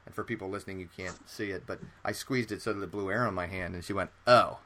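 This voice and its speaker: Chatty, rambling man with a low voice. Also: steady tone, fast talker, bright, forceful tone. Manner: rambling storyteller with frequent restarts and fillers. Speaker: podcast co-host. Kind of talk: casual chat.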